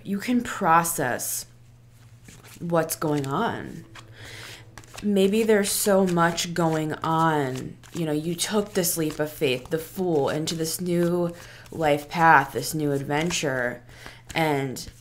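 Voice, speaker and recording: A woman giving a casual tarot reading, talking deliberately and meditatively straight to the listener. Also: low-pitched, a little hiss or hum. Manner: deliberately slow, meditative and talkative, addressing the listener directly. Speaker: tarot reader.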